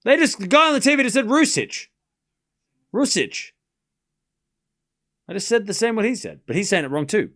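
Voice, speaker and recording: A man's voice: high voice, sing-song, racing, few pauses, pushed and bright. Australian man chatting through a live stream. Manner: playful, repeats words, responds to chat. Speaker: livestream host. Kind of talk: casual live commentary to chat.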